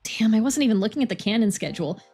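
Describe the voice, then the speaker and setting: A woman's voice: fairly high pitch, expressive, racing, warm tone, slightly rough, soft background music. A woman reading a wry, weary football player. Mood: frantic. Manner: sarcastic, sighing, swearing.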